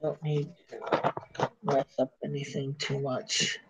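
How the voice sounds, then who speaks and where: A man's voice: mid-range voice, completely flat delivery, takes it slowly, husky, rough recording. A man hosting a live stream in casual chat, reading viewer comments aloud, rambling and stumbling over his words.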